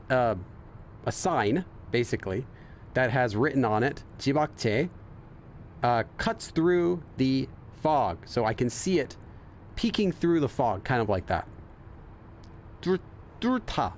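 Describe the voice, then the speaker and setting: A man's voice: mid-range voice, big pitch swings, moderate pace, a little hiss or hum. A man hosting a game playthrough, reading the on-screen text aloud, translating it and thinking aloud with many fillers and restarts. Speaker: let's play host and Korean learner.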